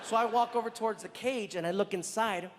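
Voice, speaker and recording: Animated comedian man in a live hall. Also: high voice, fairly quick. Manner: animated, acts out characters with shifting voices. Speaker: stand-up comedian. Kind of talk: stand-up comedy storytelling. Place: large live venue with audience laughter. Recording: live hall with crowd noise.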